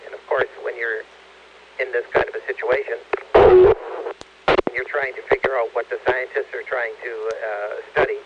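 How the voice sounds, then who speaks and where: A man's voice: medium pitch, flat delivery, muffled recording, heavy background noise. Enthusiastic man reporting over ham radio. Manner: enthusiastic, halting, many fillers. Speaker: amateur radio operator. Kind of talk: amateur radio net report.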